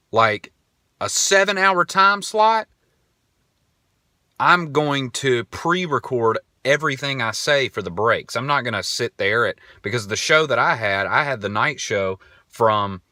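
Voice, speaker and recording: A man's voice: fairly low pitch, sharp tone, dry recording, studio quality. A man in his twenties hosting a podcast, telling a rambling story in a casual monologue. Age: 20s. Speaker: podcast host.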